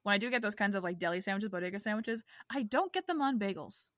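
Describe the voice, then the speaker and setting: Give me an animated woman from the New York area chatting on a podcast, dry close mic. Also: medium pitch, dry recording. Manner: animated, quick to laugh, many restarts. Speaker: podcast co-host. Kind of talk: casual chat.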